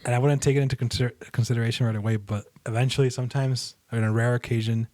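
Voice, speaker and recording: Young man chatting with halting restarts. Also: medium pitch, dry recording. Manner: relaxed, halting, with restarts and swearing. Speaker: podcast co-host. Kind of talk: casual chat.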